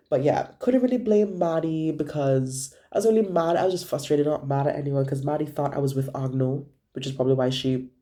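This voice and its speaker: A young man with a slightly high, dark-toned voice chats casually in a vlog about his week. His storytelling is gossipy and profane, and he acts out what his friends said.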